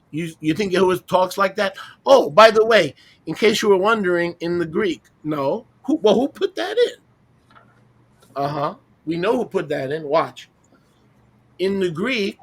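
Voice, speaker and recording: High-voiced man teaching with mocking emphasis. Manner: emphatic, fires rhetorical questions, mocking asides. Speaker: Bible teacher leading a roundtable. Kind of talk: roundtable teaching discussion.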